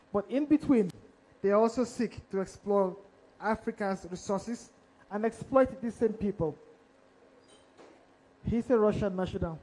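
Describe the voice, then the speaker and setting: A man with a high-pitched voice and a warm, mellow timbre tells his story live on stage. He speaks as an investigative journalist, dramatic and direct, often putting questions straight to the audience. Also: poor audio.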